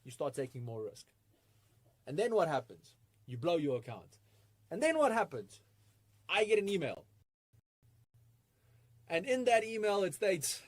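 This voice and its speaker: A man presenting a live online trading masterclass, energetic and full of rhetorical questions, with frequent chuckles. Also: high voice, a little slow, long pauses, no echo.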